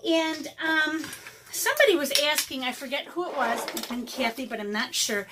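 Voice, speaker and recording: Woman, middle-aged, rambling casual chat, a bit out of breath, fairly high voice, faint background noise. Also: expressive, brisk. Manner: rambling, chatty, self-interrupting with ums. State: slightly out of breath. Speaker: watercolor artist vlogger. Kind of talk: casual chatty unboxing.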